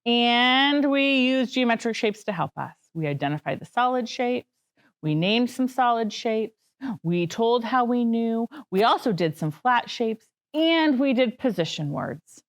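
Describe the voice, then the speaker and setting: A woman's voice: a little high, lively intonation, unhurried. A woman kindergarten teacher wrapping up a lesson for young children in a cheerful, encouraging way. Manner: cheerful, sing-song, encouraging. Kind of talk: classroom wrap-up for young children.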